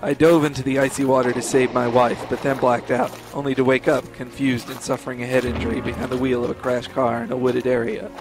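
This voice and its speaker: A man's voice: medium pitch, level tone, a little fast, hardly any pauses, music in the background. A man co-hosting a gaming podcast, narrating a spoof story in a dry, sardonic way and swearing freely in casual chat. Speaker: podcast co-host.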